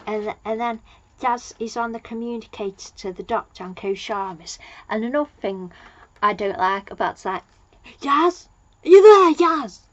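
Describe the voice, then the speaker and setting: A woman at a middle pitch talks through a TV episode in a loose, chatty recap, stopping to find her place and padding with fillers. The audio sounds a little dull and lo-fi. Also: steady tone, moderate pace, fairly bright tone. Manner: rambling, loses her place, many fillers. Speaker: TV episode reviewer.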